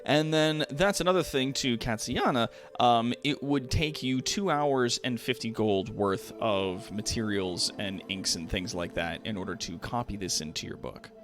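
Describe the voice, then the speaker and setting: A man's voice: mid-range voice, moderate pace, hardly any pauses, over music. A man narrating a tabletop game as game master, casual with many fillers.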